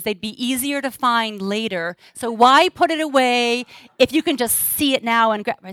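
A woman's voice: fairly high pitch, fairly bright tone, clear, resonant tone, no echo. A middle-aged woman speaking earnestly to an audience, sharing personal stories and acting out dialogue. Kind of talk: talk to a live audience.

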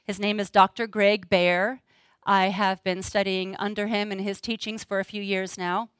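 A woman's voice: medium pitch, flat delivery, normal speed, fairly bright tone, clean tone, no echo. A middle-aged woman speaking earnestly to an audience, sharing personal stories and acting out dialogue. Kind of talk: talk to a live audience.

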